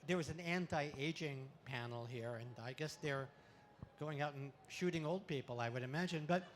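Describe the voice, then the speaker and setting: A man giving a playful talk to an audience at an expo, full of deadpan puns and laughter exercises, speaking into a handheld mic. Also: on the high side, normal speed, a little hiss or hum. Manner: pun-filled deadpan jokes. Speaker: comedic spiritual speaker.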